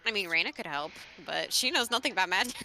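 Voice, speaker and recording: A woman playing in a tabletop game over voice chat, lively and quick to laugh and swear. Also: mid-range voice. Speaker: player.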